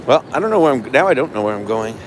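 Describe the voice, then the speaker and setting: Rapid-fire and very animated, a medium-pitched male livestream host strolls around a stadium, ranting and bragging in a brash way. The street noise around him is loud.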